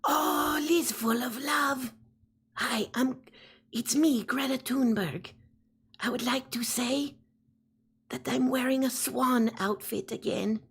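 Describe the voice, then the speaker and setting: A man doing a high breathy quirky woman. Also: slow, exaggerated voice. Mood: whimsical. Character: whimsical high-voiced young woman, odd and dreamy.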